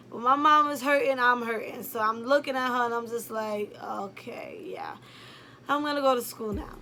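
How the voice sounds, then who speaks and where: Young New woman, slightly high voice, candid rambling storytime vlogger. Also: bright, forceful tone, a little hiss or hum. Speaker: YouTuber telling a personal story. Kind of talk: casual storytime.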